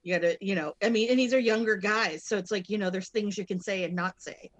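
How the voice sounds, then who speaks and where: A woman guest co-host talks through wrestling matches on a loose podcast, her pitch in the middle range and her pace quick. She rambles, trails off and restarts, leaning on fillers, and sometimes bursts into loud, excited yelling. The audio sounds dull.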